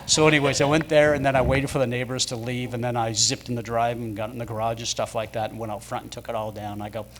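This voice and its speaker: A man's voice: mid-range voice, level tone, fast, a bit bright. Rambling man telling stories. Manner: rambling storyteller with many fillers. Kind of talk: casual anecdotes. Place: pub with a live audience.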